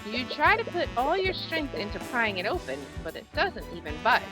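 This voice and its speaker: A woman's voice: a little high, very animated, moderate pace. A woman streaming a visual novel, reading it aloud expressively and reacting between lines. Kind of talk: reading a game story aloud. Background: background music.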